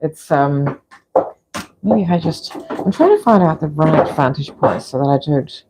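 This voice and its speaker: A woman's voice: sits low, lively intonation, a little slow, noisy background. A middle-aged woman from Fiji chatting in a rambling way while filming a cooking session in her home kitchen. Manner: rambling, chatty, frequent restarts. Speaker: vlog host.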